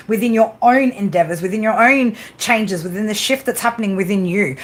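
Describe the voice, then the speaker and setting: A woman hosting a casual livestream pep talk, blunt and swearing constantly, with frequent tag questions. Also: a little high. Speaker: tarot reader and livestream host.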